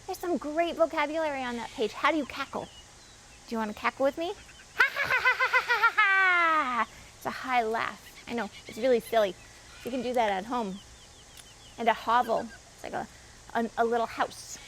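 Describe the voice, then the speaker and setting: A children's librarian reads a picture book aloud in a high, bright voice, fairly quickly and expressively, pausing between pages to ask the young listeners questions. Faint outdoor sounds and birds drift in behind her on a rough recording with a little hiss or hum.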